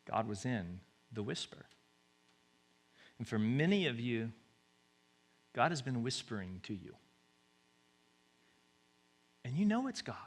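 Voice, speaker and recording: A man preaching a sermon as pastor, booming through scripture and then dropping to soft, hushed appeals, often repeating words as he presses a point.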